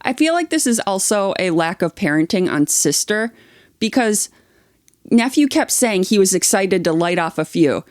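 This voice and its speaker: A woman's voice: mid-range voice, very animated, normal speed, dry recording, clean studio sound. A young adult woman co-hosting a podcast, reading online posts aloud and chatting with blunt, swearing opinions. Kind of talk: reading aloud and casual chat.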